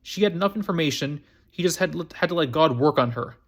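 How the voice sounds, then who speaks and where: A man reading a novel aloud on his own storytime channel, pitched a little high. He stumbles often, restarts words and repeats phrases as he goes. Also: animated, fast. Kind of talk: amateur book reading.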